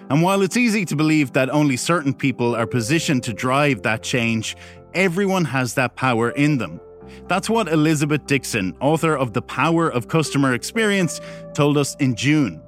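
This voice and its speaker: A male podcast host reading a measured, scripted introduction to a guest. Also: medium pitch.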